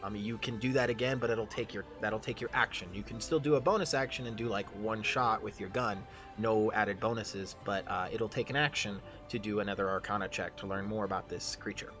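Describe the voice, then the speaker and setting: A man's voice: fairly low pitch, steady tone, a little fast, fairly bright tone, soft background music. Hesitant man running a tabletop game. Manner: hesitant, many fillers, apologetic. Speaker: game master.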